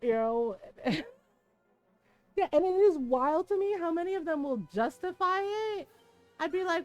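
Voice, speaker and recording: Lady streamer ranting to chat, kinda high voice, cusses constantly, laughs a lot. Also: slow pace, long pauses, faint music behind. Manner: animated, heavy swearing, frequent laughter. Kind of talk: casual chat with live viewers.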